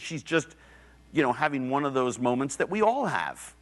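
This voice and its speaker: A man's voice: mid-range voice, big pitch swings, normal speed. Middle-aged male lecturer, conversational storyteller, blunt and casual. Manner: conversational storytelling, acts out quoted voices. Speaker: public lecturer. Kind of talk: public lecture. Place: university theater.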